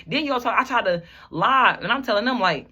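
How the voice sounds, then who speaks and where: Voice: mid-range voice, animated, sharp tone, breathy edge, lo-fi sound. A rapper telling a personal story to the camera, emotional and rambling, filling nearly every phrase with "like" and repeating lines. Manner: repeats phrases, at times rushed.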